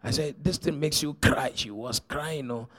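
A middle-aged man, preaching a sermon as pastor, telling stories and swinging from hushed to shouted. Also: a little high, moderate pace.

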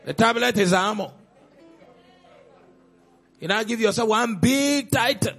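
A man preaching a sermon as pastor, with pointed rhetorical questions and sudden loud outbursts. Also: high voice, normal speed, long pauses, soft background music.

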